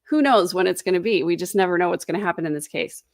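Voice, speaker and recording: A woman's voice: on the low side, fast, vocal fry, dry recording, clean studio sound. A woman hosting a casual true crime livestream from home, chatty and sarcastic. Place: home, indoors. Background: dogs.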